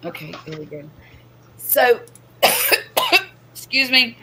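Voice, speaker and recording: A woman's voice: on the high side, huge pitch swings, slow, sharp tone, a little hiss or hum, rough recording. A woman, hosting a chatty livestream from home and laughing often. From US Gulf Coast. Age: 50s. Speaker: livestream host. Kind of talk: casual livestream chat.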